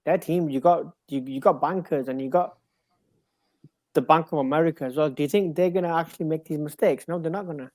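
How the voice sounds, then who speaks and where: A man's voice: on the high side, darkish tone, dry recording. A man in casual podcast chat, hesitant and restarting his sentences. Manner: hesitant, restarts, quick agreement. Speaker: podcast co-host.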